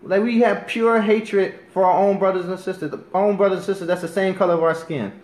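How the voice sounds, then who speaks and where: A man delivers a Bible lesson in a somewhat high voice, earnest and insistent. He reads scripture slowly and deliberately, checking in with "you understand?" as he goes. The sound bounces around an echoey room. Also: fairly even intonation, a little mellow. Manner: keeps asking "you understand?". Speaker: bible teacher. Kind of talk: scripture teaching.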